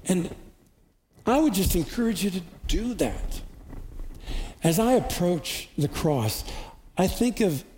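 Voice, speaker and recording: A man giving a sermon as pastor, earnest, with slow emphatic repetitions. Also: high-pitched, expressive, darkish tone. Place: church hall. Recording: distant reverberant hall recording with faint noise.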